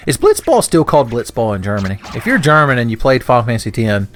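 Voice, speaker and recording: A man's voice: mid-range voice, sing-song, fast talker, soft background music. Joking, cursing man playing a video game. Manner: joking, swearing, laughs often, mock voices. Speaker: let's play commentator. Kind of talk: casual gameplay commentary.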